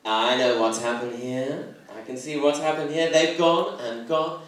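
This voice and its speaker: A man's voice: mid-range voice, fairly even intonation, a little slow. A young man doing a stand-up comedy set, camp and self-deprecating in an arch manner. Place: comedy club stage before a live audience. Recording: echoey hall mic from far off, audience laughter. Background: crowd laughing.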